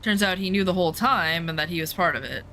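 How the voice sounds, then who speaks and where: A woman's voice: on the low side, fast talker, bright, forceful tone, a little hiss or hum. A woman streamer talking candidly in casual chat while playing a game, rambling with lots of fillers.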